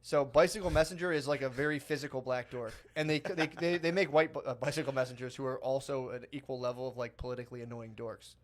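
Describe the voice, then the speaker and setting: A man co-hosting a casual podcast, telling a story quickly and acting out the quotes. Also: mid-range voice. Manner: fast, animated storytelling with mimicked quotes. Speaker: podcast co-host.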